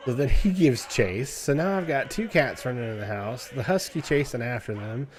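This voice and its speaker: A man streamer chatting casually, telling an animated story in a loose, profane way and imitating cat noises. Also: mid-range voice, normal speed, a little hiss or hum. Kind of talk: casual chat.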